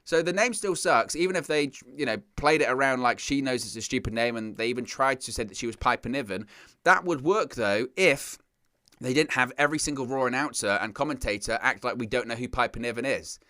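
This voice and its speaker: A man's voice: mid-range voice, fairly quick, no room sound, clean studio sound. A man hosting a wrestling news show, giving casual, exasperated and opinionated commentary. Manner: exasperated, ranting, animated.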